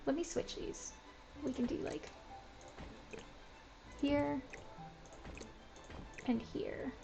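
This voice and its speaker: A woman's voice: high-pitched, steady tone, extremely slow, creaky, music in the background, low-quality recording. A woman streaming a building game, chatting casually to herself with lots of "like" and a self-described Valley Girl way of talking. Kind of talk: casual gameplay commentary.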